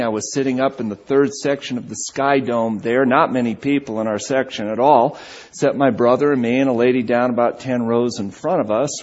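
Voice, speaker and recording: A man preaching a sermon, telling a humorous story with animated delivery, on a dull lo-fi recording. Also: medium pitch, breathy edge.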